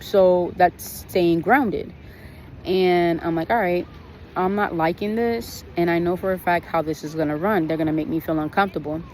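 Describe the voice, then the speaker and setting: A woman's voice: on the low side, moderate pace, darkish tone, slight background noise, low-quality recording. A woman telling a story on her vlog in a casual, blunt, profane way, venting about her trip. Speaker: vlogger.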